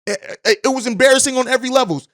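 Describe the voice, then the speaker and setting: A man's voice: very high-pitched, racing, a bit bright. A man hosting a podcast, giving emphatic commentary and often repeating words as he restarts. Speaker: podcast host.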